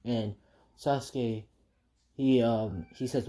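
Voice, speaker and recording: A man improvises a fan-made story in a loose, casual way, stacking up fillers as he goes. His voice is mellow and mid-pitched. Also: steady tone, slow, long pauses. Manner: rambling, filler-heavy.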